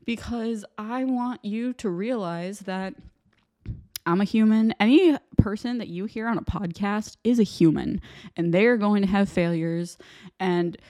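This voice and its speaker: A woman's voice: medium pitch, warm tone, dry recording, studio quality. A young woman hosting her own podcast, talking in a candid, rambling and self-deprecating way in a casual solo monologue. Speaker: podcast host.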